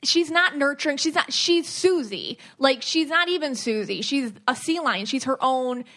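A woman's voice: high-pitched, moderate pace. Chatty, rambling woman podcast host. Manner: rambling, animated, with many restarts. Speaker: podcast host and psychic medium. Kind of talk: casual chat.

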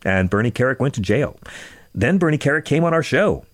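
A man hosting a political talk radio show, sarcastic and joking, a little out of breath, stammering into quick restarts. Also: mid-range voice, expressive, dry recording, clean studio sound.

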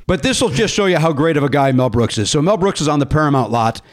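A man hosting a podcast, telling stories in an excitable, animated way and laughing often. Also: a little high, fast. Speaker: podcast host. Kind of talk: casual chat.

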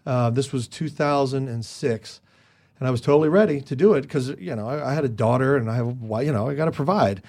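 A man as an interview guest, telling stories casually and with energy, jumping higher in pitch when he quotes others. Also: fast. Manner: animated, jumps higher when quoting others; chatty with many restarts. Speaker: guest comedian.

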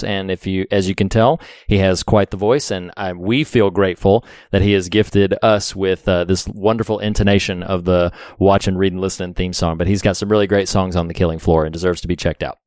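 A man's voice: low-pitched, a little mellow, smooth, dry recording, studio quality. A man co-hosting a podcast in casual chat, rambling with frequent restarts. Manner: rambling, restarts, laughs often. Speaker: podcast co-host.

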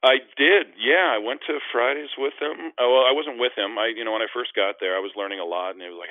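A middle-aged man from Canada, a former basketball player and guest on a radio show, telling stories in an animated way and acting out the voices of others. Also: medium pitch, fast, hardly any pauses, no echo. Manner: animated, acts out quoted voices, frequent restarts. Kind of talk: storytelling interview. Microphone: phone call. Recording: phone line.

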